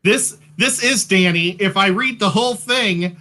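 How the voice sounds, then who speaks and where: A man's voice: sits high, measured pace, heavy background noise. A man co-hosting a casual chat, playful and talkative with joking asides, a bit sleepy. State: sleepy, yawning. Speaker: co-host.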